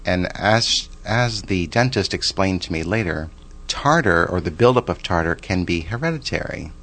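A man in his forties tells a story from his own day in a loose, chatty way. His voice sits very low, and he keeps restarting sentences and wandering into side remarks. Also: lively intonation, normal speed, fairly bright tone. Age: 40s. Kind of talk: casual personal storytelling.

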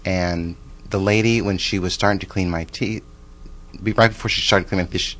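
Chatty low-voiced man in his forties. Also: fairly even intonation, fairly quick, fairly bright tone. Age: 40s. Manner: chatty and rambling, with frequent restarts and side remarks. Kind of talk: casual personal storytelling.

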